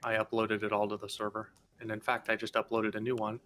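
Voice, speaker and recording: A man's voice: lowish voice, monotone, fast, a bit bright, a little hiss or hum. A man chatting loosely as game master before a tabletop session, swearing freely.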